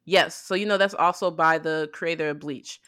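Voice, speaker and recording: A woman co-hosting a podcast, talking casually about anime in an animated, rambling way. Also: low-pitched, moderate pace, smooth. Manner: chatty, animated, rambling with fillers like "like". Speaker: podcast co-host.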